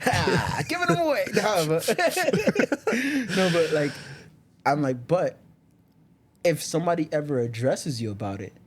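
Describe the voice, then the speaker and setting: A man's voice: a little high, slow pace, pauses often, a little hiss or hum. A young man from Miami, a podcast guest in casual chat, telling stories and laughing often. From Miami, United States. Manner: laughs often, animated storytelling.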